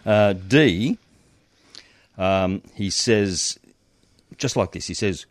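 A man's voice: low voice, drawn-out words, long pauses, dry recording, studio quality. A man co-hosting a casual sports chat, posing a quiz with frequent ums and uhs. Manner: quizzing, hesitant with many ums. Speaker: co-host.

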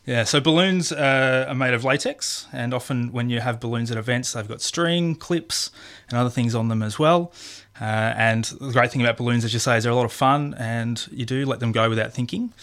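A man's voice: medium pitch, brisk, a bit bright. A man with an Australian accent, a conservation campaigner explaining his work in a friendly radio interview.

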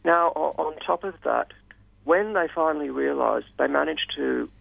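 A man speaking as a radio guest in a measured, hesitant way with many fillers. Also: on the high side, creaky, dry recording. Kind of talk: radio interview. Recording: dull lo-fi radio sound, dry.

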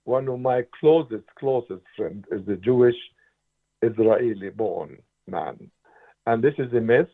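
A man's voice: medium pitch, expressive, measured pace, vocal fry. A man in his seventies from Palestine, speaking as a guest in a radio interview in an impassioned, emphatic way. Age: 70s. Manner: impassioned, emphatic, occasional restarts. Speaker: interview guest, writer and political analyst. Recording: tinny phone-like radio line.

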